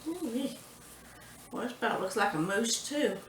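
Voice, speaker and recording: A woman, chatty and unhurried, leading a casual home cooking tutorial in her kitchen. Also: mid-range voice, animated, fairly bright tone, recorded from a distance, a little hiss or hum. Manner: chatty, unhurried, says "y'all". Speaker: home cooking show host. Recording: echoey kitchen, mic set back.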